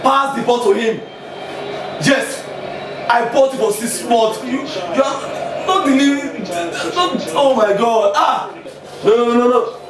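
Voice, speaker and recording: A high, lively voiced man, shouting and fretting like a football fan glued to a match. He drawls slowly between bursts, and the sound is echoey and distant with noise behind. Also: over a noisy crowd. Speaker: comedian. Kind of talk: comedy skit. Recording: echoey room, mic far off, noisy.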